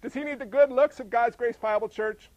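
A male pastor preaching a sermon, full of rhetorical questions and swinging between emphatic and hushed delivery. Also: very high-pitched, brisk, dry recording, dull audio.

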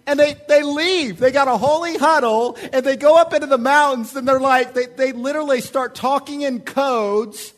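A man with a Southern accent preaching to his congregation in a high, bright-toned voice. He jokes freely and grows loud and animated as he acts out other people. This is a full, lively sermon. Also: normal speed, hardly any pauses. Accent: Southern American. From American South. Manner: animated, joking, swings loud for mock voices. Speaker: pastor. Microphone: website recording of a church service.

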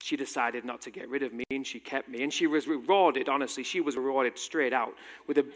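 A man's voice: mid-range voice, fairly quick. A man in his thirties with a British accent with a slight American tinge, telling a personal story with wry, self-deprecating humor in a talk. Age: 30s. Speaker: speaker giving a talk. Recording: long hall reverb.

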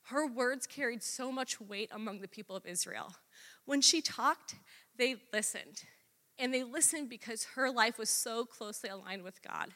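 Bright-voiced young woman teaching in a hall. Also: on the high side. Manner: casual, chatty asides with fillers. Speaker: youth Bible teacher. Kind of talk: scripture reading and teaching. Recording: long reverb of a large hall.

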